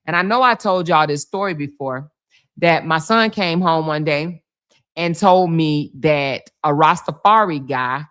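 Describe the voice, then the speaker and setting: A middle-aged woman hosting a casual livestream, chatting to viewers and telling stories in a lively, animated way. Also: deep voice, measured pace, clean tone. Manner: animated storytelling, reads viewer comments aloud. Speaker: livestream host.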